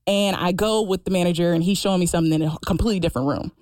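A woman's voice: lowish voice, very fast, a little mellow, dry recording, studio quality. A woman co-hosting a radio show, telling a story animatedly and acting out the voices of everyone in it. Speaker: radio co-host. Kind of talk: casual radio chat.

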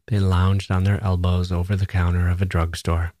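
A man reading a literary short novel aloud in a measured, even way. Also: low-pitched, dry recording, studio quality. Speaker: audiobook reader. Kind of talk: literary story narration.

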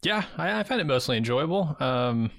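A man's voice: fairly high pitch, sing-song, normal speed, creaky, fairly bright tone, no echo. A man co-hosts a podcast with a wry, sarcastic edge, and his voice rises and falls a lot as he talks. The recording is dry and close, with no room sound. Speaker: podcast co-host. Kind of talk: casual podcast chat.

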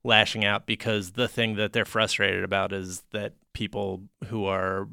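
A man co-hosting a podcast, laid-back, with deadpan jokes and many fillers. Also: on the low side, moderate pace, gravelly, smooth, no room sound, studio quality. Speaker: podcast co-host. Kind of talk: casual chat.

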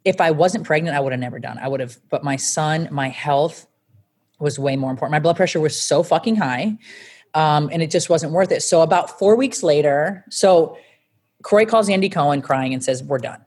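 A woman's voice: sits low, normal speed, darkish tone. A woman in her forties, an interview guest, telling her story candidly and bluntly, swearing freely.

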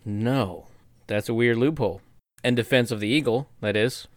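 A man co-hosting a casual chat, animated and laughing often. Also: medium pitch, normal speed, dry recording, clean studio sound.

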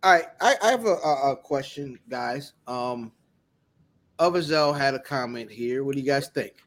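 A man's voice: mid-range voice, lively intonation, normal speed, a bit bright. A man co-hosting a podcast in casual chat, hesitant and full of fillers. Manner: hesitant, many fillers when reading questions. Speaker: podcast co-host.

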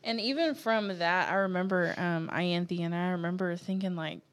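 A woman co-hosting a podcast, chatting casually about a book in a relaxed way. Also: fairly low pitch, moderate pace. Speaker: podcast co-host.

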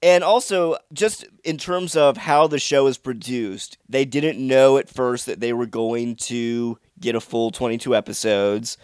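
A man co-hosting a casual chat about a TV show, measured and explaining at length, sounding frustrated. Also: mid-range voice, steady tone, a little mellow, clear, resonant tone, no room sound, studio quality. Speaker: podcast co-host.

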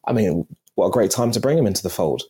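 A man on a football podcast panel, measured and building an argument from numbers. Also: fairly low pitch, lively intonation, mellow, slightly rough. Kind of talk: casual football chat.

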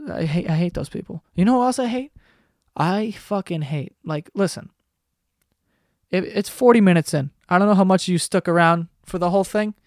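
A man's voice: fairly high pitch, no echo, studio quality. A man hosting a podcast, ranting casually with lots of swearing and sarcasm. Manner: profane, sarcastic, animated ranting. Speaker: podcast host.

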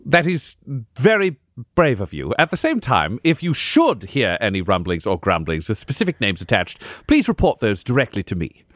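A man voicing a composed, calculating male noble from off-world in a tabletop role-play game, speaking in a measured, formal way. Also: lowish voice, wildly swooping pitch, a bit bright, no room sound, exaggerated voice.

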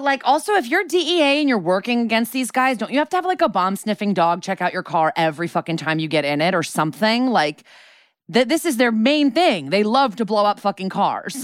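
A woman's voice: mid-range voice, dry recording, clean studio sound. A woman co-hosting a podcast, chatting casually and swearing freely. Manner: lively, swears casually, laughs along. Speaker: podcast co-host. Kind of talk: casual chat.

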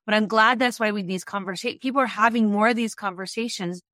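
A woman's voice: mid-range voice, quick pace, fairly bright tone, no echo, studio quality. A woman hosting a casual interview, chatty, acting out her own past remarks and trailing off mid-thought.

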